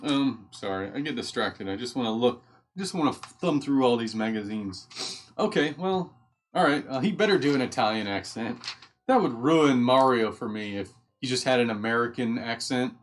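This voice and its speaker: A man's voice: medium pitch, lively intonation, normal speed, slight background noise. A man hosting a live stream at home, chatting casually and thinking aloud as he reads, easily getting sidetracked.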